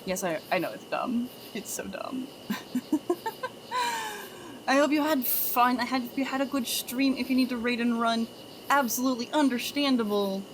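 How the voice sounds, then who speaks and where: A woman's voice: on the high side, moderate pace, pauses often, noisy background. A woman streamer chatting casually with her chat, telling groan-worthy jokes and giggling at them.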